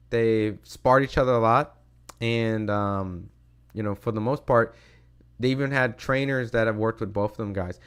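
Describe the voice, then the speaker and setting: A man's voice: medium pitch, clean tone. A man hosting a boxing talk livestream, chatting loosely with many fillers and reading viewer comments aloud. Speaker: boxing show host reading live chat. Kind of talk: casual livestream chat.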